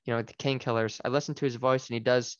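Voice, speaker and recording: Smooth-voiced man on a muffled mic. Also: medium pitch, little pitch movement, fast, dry recording. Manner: enthusiastic, rambling with filler words. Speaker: podcast co-host. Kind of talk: casual book discussion.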